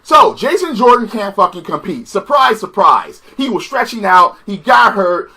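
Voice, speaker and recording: Brief: high-voiced, bright-toned man, sarcastic and cursing, ranting a wrestling review. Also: very animated, normal speed. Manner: profane, exasperated and sarcastic.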